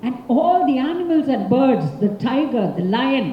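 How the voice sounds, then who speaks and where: A woman with an Indian English accent who tells a story to a large audience in an expressive, interactive way and prompts them for answers. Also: sits high, normal speed, a little hiss or hum. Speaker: professional storyteller, speaker. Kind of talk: interactive oral storytelling talk. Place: large conference hall. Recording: echoey hall from far off, dull sound.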